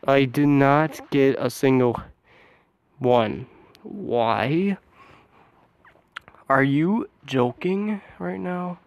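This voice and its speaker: A man giving casual, excitable commentary over his own gameplay, with frequent exclamations and groans, sometimes dropping to a soft mutter. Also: mid-range voice, drawn-out words, long pauses, highs cut off.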